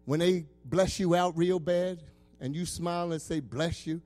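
Passionate preacher, man with a high voice, faint music under him. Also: measured pace. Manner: passionate, swinging between loud preaching and soft asides. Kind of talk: sermon.

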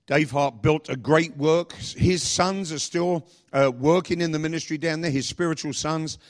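A man pastor preaching a sermon, asking the congregation repeated questions and speaking with lively emphasis. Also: fairly high pitch, normal speed.

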